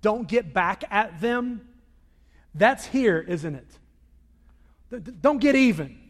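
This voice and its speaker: A man preaching a sermon as a pastor, swinging from loud emphasis to quiet asides. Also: sits high, lively intonation, slow. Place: church sanctuary. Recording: long reverb of a large hall.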